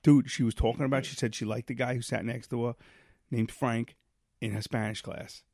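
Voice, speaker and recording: A man's voice: medium pitch, steady tone, fairly quick, gravelly, darkish tone, no room sound, clean studio sound. Rambling, self-deprecating male storyteller. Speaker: podcast co-host. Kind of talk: casual storytelling chat.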